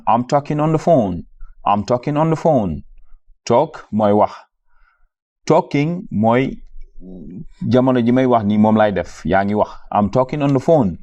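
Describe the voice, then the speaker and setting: A man with a Wolof accent teaching a beginner language lesson, repeating each phrase slowly and patiently before explaining it. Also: medium pitch, expressive, darkish tone, dull audio.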